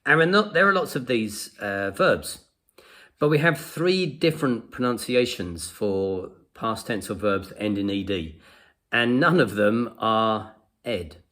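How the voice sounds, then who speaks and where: Slow, patient male English teacher. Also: lowish voice, animated, pushed and bright. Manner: patient, demonstrates sounds slowly and repeats them. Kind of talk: slow explanatory lesson to camera.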